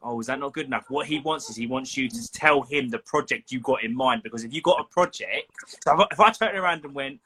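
An easygoing man hosting a casual podcast, rambling through his explanations. His voice is bright and forceful, at a middle pitch. He laughs along readily. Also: a little fast, few pauses, slightly rough. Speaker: podcast host.

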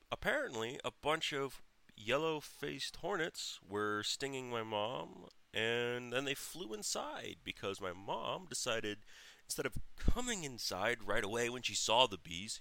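Deep-voiced guy venting a story, bright crisp tone, dry close mic. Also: no echo. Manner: blunt, profane, exasperated. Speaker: podcast host. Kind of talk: casual storytelling.

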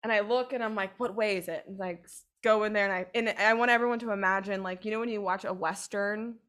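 A woman's voice: medium pitch, fairly even intonation, fast, fairly bright tone. A woman co-hosting a podcast, telling a long, rambling story in casual chat and swearing freely. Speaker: podcast co-host.

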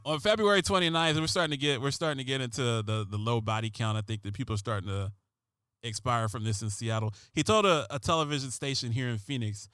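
A man hosts a comedic political monologue in a sarcastic, rambling way, tripping over his restarts. His voice sits at an ordinary middle pitch, and the sound is dry and close with no room around it. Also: quick pace, a bit bright, clean tone, no room sound, soft background music.

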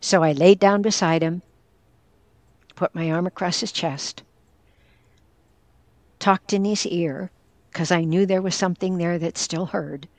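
An older woman from northwestern Pennsylvania tells a personal story in an interview. Her voice sits fairly low and is heard close and dry, with no room sound. She talks earnestly and candidly. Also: fairly even intonation, measured pace, pauses often, no echo. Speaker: guest, caregiver and former teacher.

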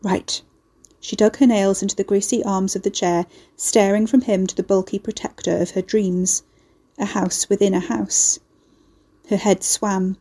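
A woman reading a dark fantasy story as its narrator, in a steady storytelling manner. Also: medium pitch, unhurried. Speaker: audiobook narrator.

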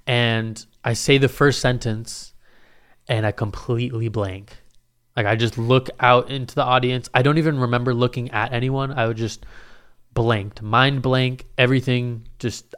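A young man tells a story in a loose, rambling way, swearing freely and poking fun at himself. His voice is smooth and clear, with a mid-range pitch. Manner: profane, rambling, self-mocking. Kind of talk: casual storytelling.

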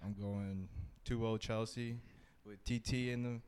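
A man joining a casual sports podcast, giving his pick in a flat, matter-of-fact way. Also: fairly low pitch, measured pace, smooth. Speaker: podcast guest.

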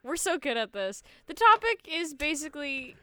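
A woman co-hosting a podcast in casual chat, animated and quick to exclaim. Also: high-pitched, no echo. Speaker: podcast co-host.

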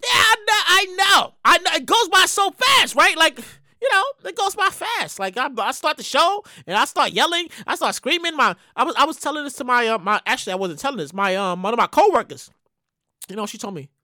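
A man hosting a solo podcast, talking loudly and animatedly with plenty of profanity. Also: extremely high pitch, brisk, dry recording, clean studio sound. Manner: loud, animated, profane ranting. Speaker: podcast host. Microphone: studio microphone.

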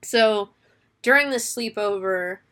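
A woman's voice: mid-range voice, slow pace, fairly bright tone. A woman co-hosting a casual movie review, retelling scenes animatedly with plenty of swearing and laughter. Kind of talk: casual chat.

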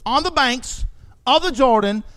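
A man preaching a sermon with emphatic repetition, swinging from hushed asides to shouting. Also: very high-pitched, lively intonation, measured pace.

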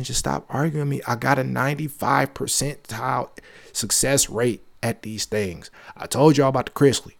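A man's voice: mid-range voice, fairly even intonation, normal speed, vocal fry. A man hosting his own show, talking in a casual monologue, emphatic and repetitive, with joking asides. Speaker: podcast host.

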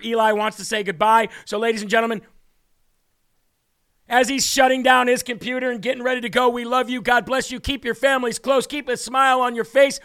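Emphatic high-voiced male show host. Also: flat delivery, brisk, a bit bright, clear, resonant tone. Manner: emphatic, rousing sign-offs. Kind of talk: political commentary livestream.

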